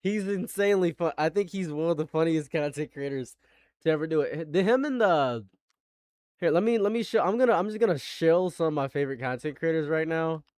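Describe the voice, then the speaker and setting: A man's voice: on the high side, animated, a little fast, darkish tone, clear, resonant tone, dry recording, studio quality. A man streaming live commentary, stammering through restarts and building into exasperated rants.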